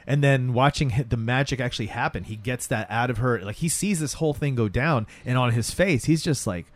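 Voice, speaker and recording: A man's voice: mid-range voice, brisk, no room sound. Guy recapping a tv episode, acts out the lines, dry close sound. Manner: animated retelling with acted quotes. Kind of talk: casual chat recapping a TV episode.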